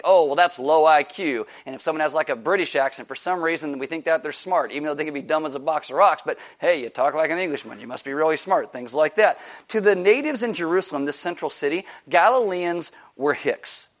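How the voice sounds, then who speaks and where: Pastor, man, higher voice, chatty sermon delivery with quiet emphatic dips.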